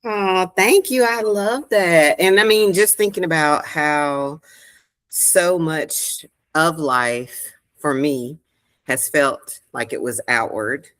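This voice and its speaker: A woman hosting a podcast interview, asking slow, searching questions and affirming her guest often. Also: deep voice, fairly bright tone. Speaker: podcast host. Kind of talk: gentle interview conversation.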